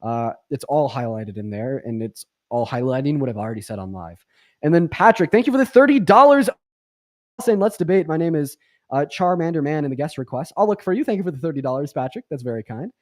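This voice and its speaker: A man's voice: medium pitch, lively intonation, quick pace, warm tone, dry recording, studio quality. A young adult man hosting a livestream debate, casual and rambling with lots of fillers, often sarcastic.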